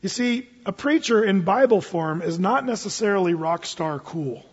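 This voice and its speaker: A male pastor preaching a sermon in a lively, animated way, acting out Bible figures in quick asides. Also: high-pitched, breathy edge. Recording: lo-fi sound in a hall with long reverb.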